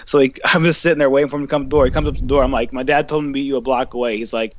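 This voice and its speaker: Young male podcast co-host, animated profane storyteller, muffled lo-fi mic, faint hiss. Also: medium pitch, racing. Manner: animated, profane, acts out quotes. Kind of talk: casual storytelling chat.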